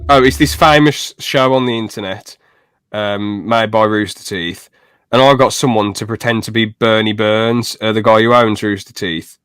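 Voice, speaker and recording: A man's voice: on the low side, steady tone, normal speed, fairly bright tone, clean tone, no room sound. A man co-hosting a podcast, blunt and teasing, with casual slang. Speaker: podcast co-host. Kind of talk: casual chat.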